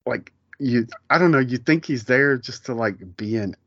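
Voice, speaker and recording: A man's voice: medium pitch, lively intonation, normal speed, a bit bright, no room sound, dull audio. A man in his forties co-hosting a podcast, talking casually and rambling, often breaking off mid-sentence and laughing at his own retellings. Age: 40s. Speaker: podcast co-host. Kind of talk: casual chat.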